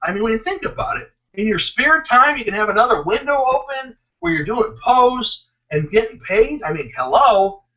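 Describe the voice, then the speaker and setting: An excited man rambles through a promotional pitch, laughing and tripping over his words. His voice sits high and bright. He sounds far from the mic on a dull, lo-fi recording. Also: normal speed, hardly any pauses. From Ohio. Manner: hyped, rambling, laughs a lot, restarts. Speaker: network marketing promoter.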